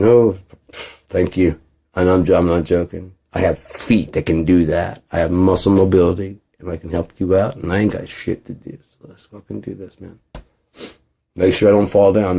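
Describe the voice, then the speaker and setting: A man's voice: low voice, vocal fry, dark tone, slightly rough. A man rambling in a casual monologue, profane, acting out both sides of imagined conversations. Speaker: channel host.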